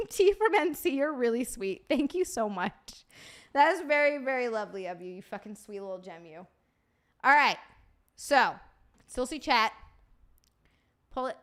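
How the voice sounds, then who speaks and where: Woman livestreamer, casual chat, swears freely, fairly high voice. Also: lively intonation, unhurried, long pauses, a bit bright. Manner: profane, laughing, reacting to chat. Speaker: livestream host reading chat.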